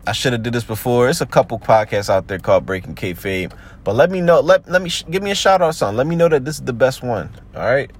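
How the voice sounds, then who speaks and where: A man hosting a podcast in a slangy, rambling, casual chat full of fillers. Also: mid-range voice. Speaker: podcast host.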